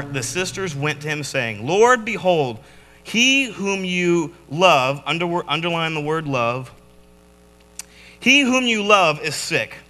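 An animated man gives a youth sermon, his voice high and bright. He jokes with the room and acts out the scenes he reads. The sound carries a long echo from the church hall. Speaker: youth pastor. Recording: echoey hall.

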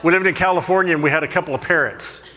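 A man preaching with a bright, forceful voice that rings through a big hall with long reverb. He tells jokey, self-deprecating stories in an animated way. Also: a little high, racing, some chatter behind. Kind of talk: humorous sermon storytelling.

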